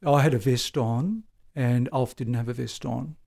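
An Australian man, a former police sergeant, recounting events in a conversational interview, halting and correcting himself as he goes. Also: mid-range voice, fairly even intonation, creaky, a little mellow. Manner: halting, self-correcting, with frequent restarts and fillers. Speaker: former police sergeant telling his story.

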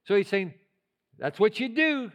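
Bright-voiced older male preacher, loud surges. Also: high-pitched, very animated, a little slow. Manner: swings from loud shouting to soft storytelling. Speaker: pastor. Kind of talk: sermon. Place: church sanctuary.

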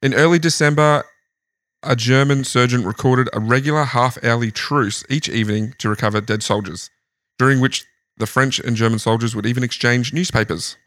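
A man's voice: medium pitch, normal speed, no room sound, studio quality. Laid-back man telling history. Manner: relaxed, laughs often, loose storytelling. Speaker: podcast host. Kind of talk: casual chat, telling history. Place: lounge room.

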